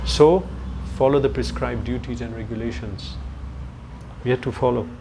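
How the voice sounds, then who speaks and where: This spiritual lecturer talks to a youth group about scripture in a relaxed, anecdotal way, pausing to find words and addressing listeners on the side. His mid-range male voice is creaky and moves at normal speed, with background noise present.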